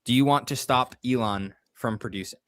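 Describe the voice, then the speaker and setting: A man's voice: medium pitch, normal speed, no room sound. A man co-hosting a live call-in political stream, talking casually, laughing often and arguing his points. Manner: chatty, laughs often, argumentative. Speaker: co-host of a call-in political show.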